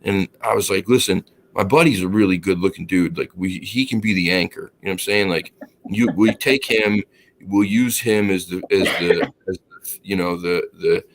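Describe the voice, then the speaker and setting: A man chatting casually on a podcast, telling an anecdote and acting out the dialogue with lively quoted voices. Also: low-pitched, moderate pace. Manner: animated, acts out quoted dialogue; laughs while telling the story. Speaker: podcast co-host. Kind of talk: casual storytelling chat.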